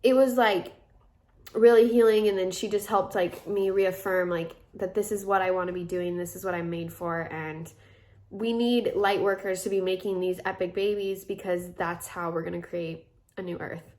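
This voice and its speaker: A young woman in her twenties tells a personal story in a loose, chatty way. She leans on fillers and keeps slipping into the voices of the people in it. Her pitch sits in a plain middle range. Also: fairly even intonation, moderate pace, a little mellow. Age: 20s. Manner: chatty, filler-heavy retelling with many quoted asides. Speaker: vlogger. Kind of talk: casual storytelling.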